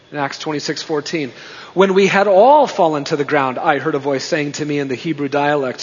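A man preaching a sermon, swinging between emphatic rises and hushed, quiet passages. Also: a little high, brisk, husky. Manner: emphatic preaching, rising and dropping to hushed tones. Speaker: pastor. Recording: dull sound with long reverb in a hall.

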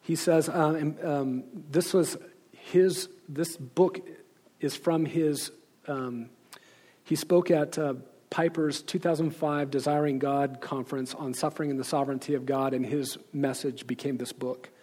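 A man with a somewhat higher-than-usual voice talks through books in a relaxed, informal way. He is reflective and hesitant, often pausing with fillers as he gathers his thoughts. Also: breathy edge. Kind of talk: informal book recommendations with read-aloud quotes.

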